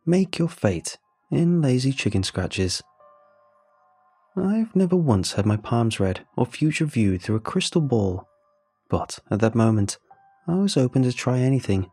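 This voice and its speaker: A man narrating a scripted horror story in calm, measured first-person storytelling. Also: medium pitch, breathy edge, no echo.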